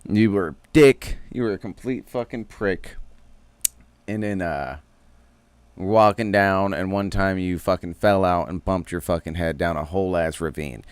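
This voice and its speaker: A man's voice: low-pitched, measured pace, clean tone, no room sound. A man voicing a blunt, rambling old male martial arts hermit in a casual comic recap. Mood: offhand. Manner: rambling, offhand, swearing.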